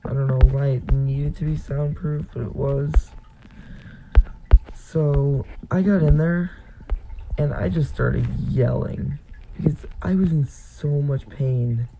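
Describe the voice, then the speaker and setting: A man's voice: medium pitch, fairly even intonation, slow, vocal fry, dull audio, background noise. A young man casually telling a personal story on his vlog, rambling and full of fillers. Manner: rambling, filler-heavy retelling. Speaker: vlogger.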